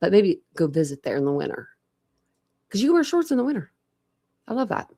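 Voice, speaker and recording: Very animated and a little fast, her mid-range voice has a mellow quality. This young Ohio woman is talking around a dental retainer while hosting a true crime livestream. She greets viewers and rambles chattily, full of "like."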